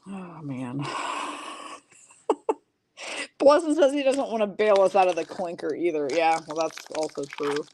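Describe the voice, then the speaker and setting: A woman with a somewhat low voice hosts a live-streamed card break, reading off player names and teams in a steady run with casual, chatty asides to viewers. Her throat sounds a little rough, and she coughs and clears it now and then. She is unhurried with long pauses, and there is slight background noise.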